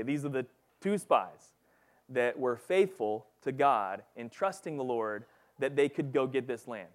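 A man giving a casual, conversational Bible teaching, reading passages and talking them through with lots of fillers. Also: medium pitch. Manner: casual and chatty, with frequent fillers like "like" and "you know".

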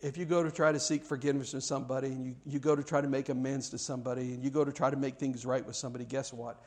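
A man's voice: mid-range voice, flat delivery, racing. A male pastor preaching a sermon, telling a story and acting out quoted voices with frequent repeated words.

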